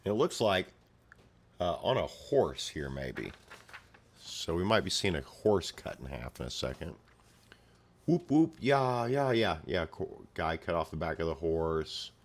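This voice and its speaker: A low-voiced man chats casually as he pages through a comic, narrating the action in a loose, rambling way. He tosses in his own mouth sound effects and offhand asides as he goes. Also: big pitch swings, unhurried. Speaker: comic reader and commentator. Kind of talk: casual read-along commentary.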